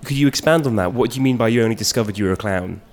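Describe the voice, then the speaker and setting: A man's voice: on the low side, a little mellow. A man reporting for radio, narrating a scripted report and interviewing people. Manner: measured, scripted delivery.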